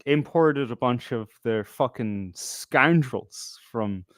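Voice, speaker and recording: A man, co-hosting a casual talk show and ranting in a profane, animated way with many fillers. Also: medium pitch, slow, no room sound, studio quality. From Ireland. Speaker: podcast co-host. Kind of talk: casual chat.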